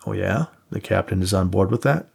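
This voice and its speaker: A man's voice: sits low, fairly quick, creaky, slightly rough, exaggerated voice. A man voicing a tired, injured man in an audiobook, talking in a dry, sarcastic way. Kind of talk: audiobook character voice.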